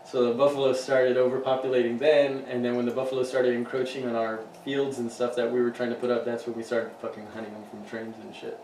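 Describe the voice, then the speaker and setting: A man's voice: medium pitch, little pitch movement, fast, few pauses, a little mellow. A man, casually chatting and swearing freely as a podcast co-host. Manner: loose, profane storytelling. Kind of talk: casual chat. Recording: roomy room, distant mic, faint hum.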